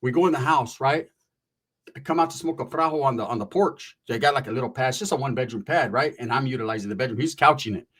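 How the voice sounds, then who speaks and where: Talking fast in a mid-range voice, a Northern Californian man tells a crazy personal story. He uses profane, relaxed street slang sprinkled with Spanish. With lots of energy, he impersonates the figures in his tale.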